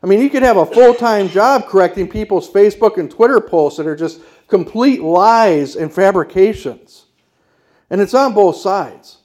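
A male pastor preaches a sermon in a fairly high, darkish-toned voice at a moderate pace. Expressive, emphatic, and insistent, he makes firm declarative statements and poses rhetorical questions to his congregation.

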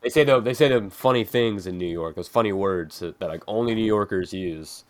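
Speaking a little fast in a fairly low voice, a male podcast host keeps things casual, his loose chatter full of "like"s.

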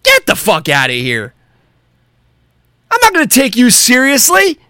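High-voiced ranting podcast man. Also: huge pitch swings, measured pace, no echo, clean studio sound. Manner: profane, heated, shouting outbursts. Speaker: podcast host. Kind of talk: angry solo podcast rant.

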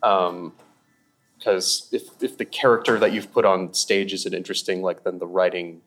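Young male comedy guest, fairly low voice, rambling and animated, casual podcast chat. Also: moderate pace, faint music behind. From Seattle. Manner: rambling, animated, lots of fillers and laughs.

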